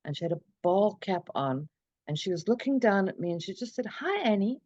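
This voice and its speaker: A middle-aged woman, an interview guest, telling her own story in a reflective, earnest, halting way over a video call. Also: on the low side, animated, a little mellow, no echo, dull audio. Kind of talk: personal storytelling in a conversation.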